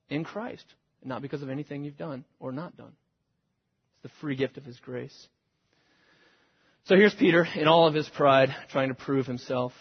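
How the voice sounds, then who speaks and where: A man's voice: a little high, breathy edge. A man preaching a sermon as pastor, earnest and questioning his listeners directly. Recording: lo-fi, reverberant hall.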